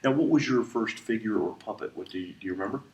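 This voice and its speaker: Deep-voiced man interviewer, brief prompts. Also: fast, darkish tone. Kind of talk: casual interview questions. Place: convention room. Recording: echoey room, voice from far off.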